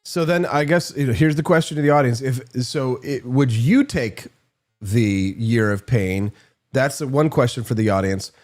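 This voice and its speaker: A man's voice: medium pitch, normal speed. A man hosting a casual political talk show, joking and slipping into silly voices for quotes. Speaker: podcast host.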